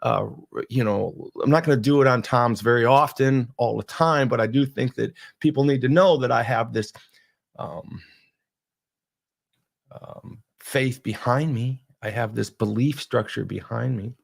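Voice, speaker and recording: A man's voice: mid-range voice, a little slow, gravelly. A man hosting a podcast, talking earnestly and rambling through a faith monologue with frequent restarts. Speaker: podcast host.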